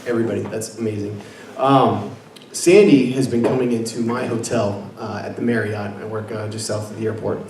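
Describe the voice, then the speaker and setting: A man's voice: lowish voice, a little fast, a little mellow, recorded from a distance. A young man from Washington State giving an earnest personal faith testimony as a guest speaker, with many fillers and restarts. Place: meeting room with an audience. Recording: echoey room, picked up from afar, faint noise.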